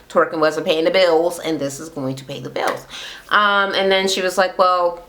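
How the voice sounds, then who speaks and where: A young adult woman giving a casual, profane reality TV recap, animatedly acting out the cast's lines in voices. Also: sits low. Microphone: camera mic, talking to camera.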